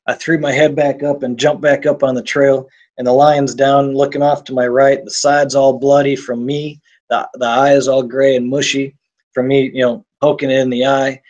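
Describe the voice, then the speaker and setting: A man's voice: medium pitch, highs cut off. A middle-aged man telling a personal survival story in an interview, speaking intensely with frequent repeats and restarts.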